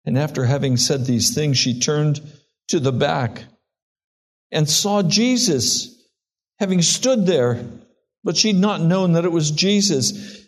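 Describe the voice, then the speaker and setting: A pastor preaching a sermon, reading scripture and retelling it in a slow, earnest storytelling way. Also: male voice, on the high side, animated.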